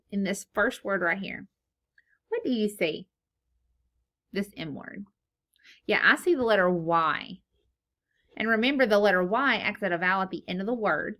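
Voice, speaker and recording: A woman's voice: mid-range voice, fairly bright tone. A woman teaching a phonics lesson to young children, patiently asking questions and then answering them herself.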